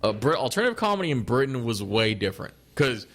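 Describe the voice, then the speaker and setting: Male co-host, mid-pitched, loose and rambling, swears freely: casual podcast chat. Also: very animated, quick pace, a bit bright. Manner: rambling and profane, with frequent restarts and laughter.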